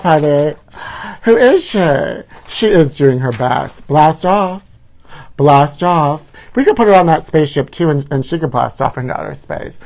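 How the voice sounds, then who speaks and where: A man hosting a campy celebrity gossip livestream, calling everyone honey and laughing at his own jokes. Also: on the high side. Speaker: host.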